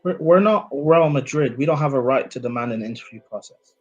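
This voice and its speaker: A man's voice: mid-range voice, fairly quick, lo-fi sound, over music. A man co-hosting a football live stream in casual chat, hesitant, with lots of fillers and restarts. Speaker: football podcast co-host.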